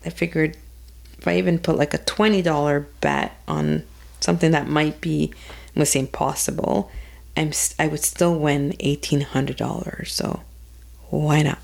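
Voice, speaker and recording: A woman's voice: sits low, lively intonation, normal speed, vocal fry, darkish tone. A woman chatting casually about her sports bets in a hesitant, giggly way. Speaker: guest picking bets. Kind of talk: casual sports betting chat.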